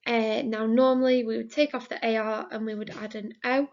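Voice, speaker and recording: Methodical English woman teacher, gravelly lo-fi voice. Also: on the high side, level tone, normal speed, a little mellow. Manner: explains step by step, patient and methodical. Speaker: Spanish teacher. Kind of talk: recorded remote lesson. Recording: lo-fi, dull sound.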